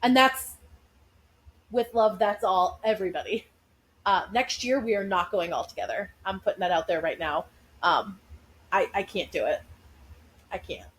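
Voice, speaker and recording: A woman co-hosting a podcast from her living room, telling stories in an animated, chatty way. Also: mid-range voice, normal speed, long pauses, rough recording. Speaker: podcast co-host. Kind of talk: casual chat, storytelling.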